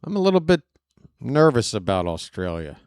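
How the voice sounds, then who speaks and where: A man doing fan play-by-play commentary of a baseball game, excitable and prone to rambling asides between pitches. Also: normal speed, clean tone, dry recording, clean studio sound. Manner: excitable, shouts on big plays, rambling asides.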